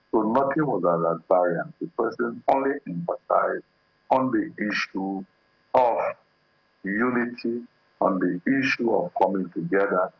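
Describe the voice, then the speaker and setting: A man's voice: low voice, vocal fry, husky, no room sound, muffled recording. A man with a Nigerian accent, a guest analyst on a TV panel, speaking emphatically with repeated phrases. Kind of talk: TV panel discussion.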